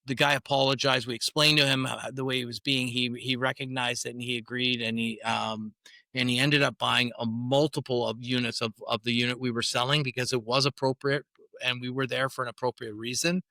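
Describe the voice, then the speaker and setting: A man's voice: mid-range voice, flat delivery, fairly quick, creaky, sharp tone, no echo, clean studio sound. A middle-aged man, a sales coach being interviewed, telling stories in a rambling way with many restarts and "right?" tags. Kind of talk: storytelling interview answers.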